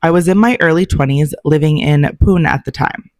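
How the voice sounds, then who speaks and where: A woman's voice: deep voice, fairly quick, darkish tone, dry recording. Chatty woman reading ghost stories, dry sound. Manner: chatty, reacts to the stories with wry comments. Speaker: podcast host reading listener stories. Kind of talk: narrating ghost stories with casual asides.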